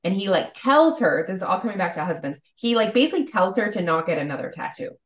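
A woman's voice: medium pitch, big pitch swings, quick pace, roomy sound. A woman co-hosting a podcast, chatting casually and filling her talk with "like". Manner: chatty, lots of "like" fillers. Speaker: podcast co-host. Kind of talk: casual chat.

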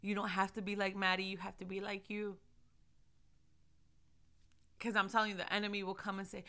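A woman preaching a sermon, swinging from soft, intimate speech to loud, shouted praise, with emphatic repetition. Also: medium pitch, monotone, fairly quick, pauses often.

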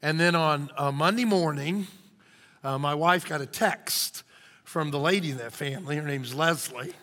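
A man pastor, telling an animated, joking story in a sermon. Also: a little high, moderate pace, in a large hall. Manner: animated, jokey, acts out shouting crowds.

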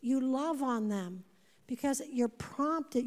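A woman in her fifties preaching a sermon to a congregation, animated, repeating words and putting questions to the room. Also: high-pitched, measured pace. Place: church before a congregation. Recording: long hall reverb.

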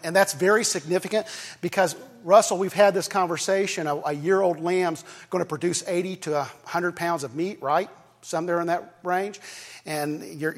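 Guy preaching in a church, chatty, cracks jokes, repeats himself, big hall echo. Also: sits high. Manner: conversational preaching with jokes and repetitions. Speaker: pastor. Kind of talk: sermon. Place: church sanctuary. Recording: long reverb of a church hall.

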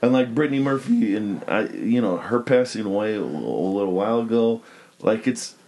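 A man casually talking about a movie with friends, relaxed and rambling, with many fillers. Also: fairly low pitch, moderate pace.

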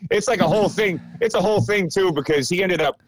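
A man's voice: high voice, fast talker, husky, no room sound. A man in his thirties hosting a podcast, telling a profane story and acting out the people in it. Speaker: podcast host. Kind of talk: casual storytelling chat.

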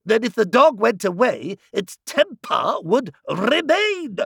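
A shrill, bossy storybook queen, as a man reads her out, leaping high in pitch with great emphasis. Her voice swings widely and has a gravelly edge, recorded close and dry. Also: sing-song, slow, fairly bright tone, no room sound, exaggerated voice. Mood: triumphant.

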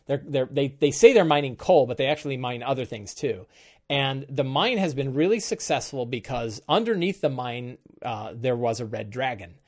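A man's voice: medium pitch, expressive, normal speed. A middle-aged man hosting a live stream about game prep, talking casually and thinking aloud as he goes, often correcting himself mid-sentence. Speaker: game master and show host.

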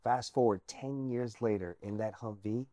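Speaking at normal speed in a mid-range voice, a former soldier tells his own story in an interview. His manner is earnest and lively, occasionally dropping almost to a whisper, and there's no room sound.

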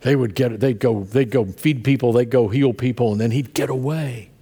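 A middle-aged male pastor preaching and telling a story to his congregation, swinging between soft murmurs and loud outbursts. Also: mid-range voice, normal speed, breathy edge. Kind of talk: sermon. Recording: long hall reverb.

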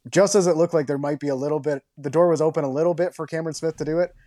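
Fast-talking man breaking down sports. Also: a little high, fairly even intonation, warm tone, no room sound, clean studio sound. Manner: enthusiastic, fast-flowing analysis. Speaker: podcast co-host. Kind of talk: casual sports chat.

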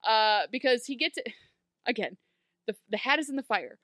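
A woman talks in a casual recap, sarcastic and animated, her speech full of "like" fillers. Her voice is fairly high and bright. The sound is close and dry. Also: normal speed, no echo. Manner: animated, sarcastic, lots of "like" fillers, acts out quotes. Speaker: podcast co-host recapping a TV episode. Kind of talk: casual chat.

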